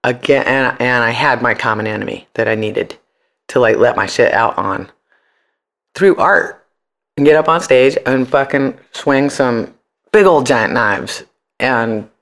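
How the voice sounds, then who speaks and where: A man in his forties, a punk musician and comedian, tells stories as an interview guest, bluntly and profanely, imitating the people he quotes. His medium-pitched voice is unhurried, gravelly, and fairly bright.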